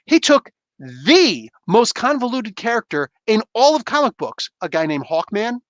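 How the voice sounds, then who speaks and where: A man hosting a comic livestream, talking in an emphatic, rambling way with lots of fan banter. His pitch swings widely as he goes. The sound is dry and close, with no room echo. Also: sing-song, unhurried, fairly bright tone. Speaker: comic book reviewer, livestream host. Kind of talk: casual livestream rant.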